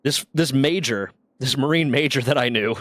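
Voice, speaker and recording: A man chats on a stream and spins long anecdotes, swearing freely and restarting his sentences. His voice is mid-pitched and dry, with no room around it. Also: moderate pace, no echo. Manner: rambling, profane, lively anecdotes. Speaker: streamer and storyteller. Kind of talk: casual storytelling while gaming.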